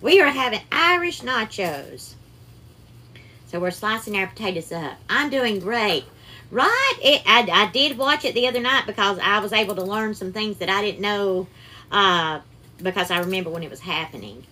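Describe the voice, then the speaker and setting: Bright-voiced Southern woman hosting a cooking livestream. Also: medium pitch, animated, moderate pace, slight background noise. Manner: chatty, greets viewers by name with terms of endearment. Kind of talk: casual live cooking stream.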